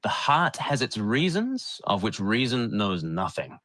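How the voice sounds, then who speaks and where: A man speaking in a played clip, explaining in steady, deliberate phrasing. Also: on the low side, no echo, studio quality. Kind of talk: measured explanatory talk.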